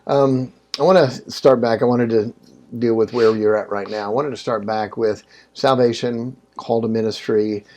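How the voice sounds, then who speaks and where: A man's voice: medium pitch, steady tone, moderate pace, darkish tone, a little hiss or hum. Male podcast host asking questions. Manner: conversational, prompting with short questions. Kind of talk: interview.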